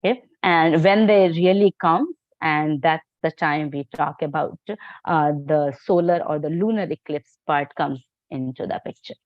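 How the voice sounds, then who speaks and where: A woman teaches a class, her voice on the low side and her delivery stop-start, padded with fillers and self-corrections. The sound is a little muffled and very dry. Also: no room sound. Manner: halting, many fillers and restarts. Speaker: astrology teacher. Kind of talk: live online class lecture.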